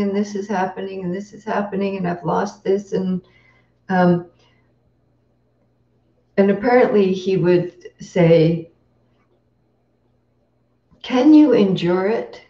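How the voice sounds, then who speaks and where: Slow reflective woman giving a dharma talk. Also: mid-range voice, dark tone. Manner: slow, reflective, pausing with fillers and throat-clearing. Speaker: meditation teacher. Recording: roomy, distant, dull lo-fi recording.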